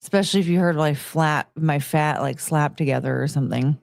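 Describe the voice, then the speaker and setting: A woman's voice: sits low, fairly quick, creaky, darkish tone, no echo, clean studio sound. A woman live streamer chatting casually and rambling, often poking fun at herself and greeting her chat. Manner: rambling, self-mocking, greets chat in a sing-song lift.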